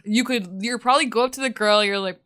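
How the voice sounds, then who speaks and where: A woman's voice: on the high side, fast talker, fairly bright tone, a little hiss or hum. A young woman co-hosting a podcast in casual chat, blunt and teasing. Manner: blunt, teasing, laughs often. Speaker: podcast co-host.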